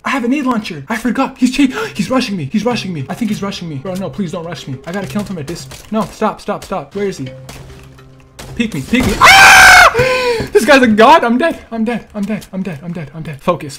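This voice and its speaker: A man's voice: very high-pitched, noisy background. A young man giving live, panicky commentary on his own gameplay, yelping and repeating himself. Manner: excitable, panicky, yelps and shouts; repeats phrases, slangy "bro" and "dude". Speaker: gaming streamer.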